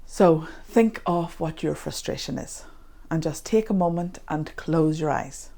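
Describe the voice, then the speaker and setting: A woman leading a guided tapping session, speaking slow, repetitive affirmations. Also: low voice, vocal fry, mellow.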